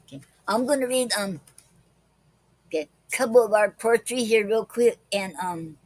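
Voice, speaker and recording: A woman hosting a live-streamed poetry club reads her poems slowly and deliberately, with pauses and "um"s between them. Her voice sits at a middling pitch. The sound is dry and close, with no room echo. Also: darkish tone. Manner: slow deliberate reading with many pauses and fillers.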